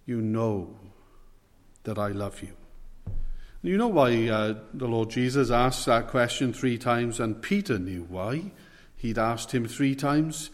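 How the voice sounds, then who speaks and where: A man preaching a sermon, earnest, stressing words slowly and asking rhetorical questions. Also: mid-range voice. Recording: long hall reverb.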